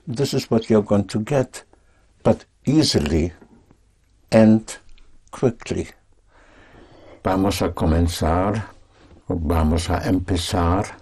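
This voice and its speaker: A man teaching a language lesson, speaking patiently and deliberately in short phrases. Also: deep voice, darkish tone, husky.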